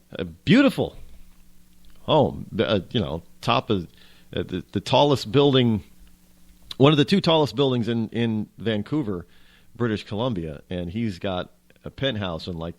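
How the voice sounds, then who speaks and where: A man hosting a talk radio show, rambling and wry, with frequent restarts as he muses aloud. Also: medium pitch. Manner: rambling, wry, self-interrupting. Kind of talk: casual talk radio monologue.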